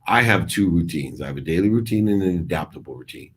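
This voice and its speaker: A man's voice: low-pitched, animated, fast talker, slight background noise. A middle-aged man giving an emphatic, preachy motivational talk, repeating his phrases for effect. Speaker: motivational speaker.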